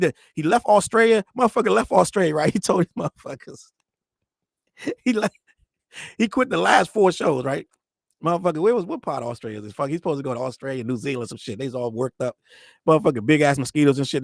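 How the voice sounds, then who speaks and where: A podcast host rants profanely on a casual commentary show, animatedly acting out the voices of the people he talks about. His voice is a little high and creaky, captured in a dry, studio-quality recording.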